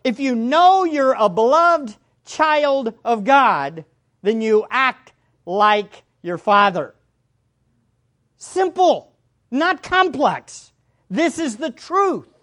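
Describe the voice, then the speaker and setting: A woman preaching a sermon, speaking to her listeners directly, repeating key phrases and swinging between loud and hushed. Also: high-pitched, animated, very slow. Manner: addresses the congregation directly.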